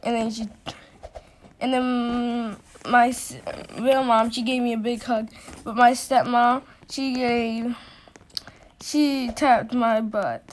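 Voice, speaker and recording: A woman telling a personal story in a casual storytime, halting often with restarts and fillers. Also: on the high side.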